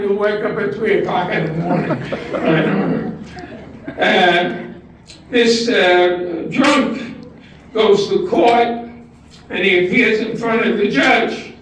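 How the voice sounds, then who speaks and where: An older Brooklyn man, from Brooklyn, New York, does stand-up joke telling at a talent show, chuckling at his own punchlines. His voice is high and a bit bright, with a little hiss or hum. The recording is distant and very echoey, made in a hall.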